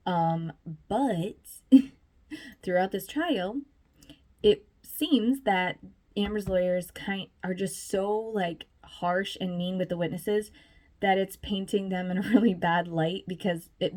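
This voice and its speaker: A woman vlogger giving casual, chatty commentary, full of fillers and little laughs. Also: fairly low pitch.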